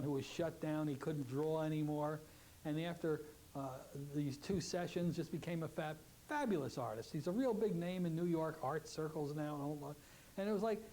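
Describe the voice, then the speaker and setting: A man teaching a hypnotherapy technique, giving slow, drawn-out suggestions and acting out the client's replies. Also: on the high side, mellow, slight background noise. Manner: acts out client and part voices in quick exchanges. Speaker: hypnotherapy instructor. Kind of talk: teaching lecture with demonstrations.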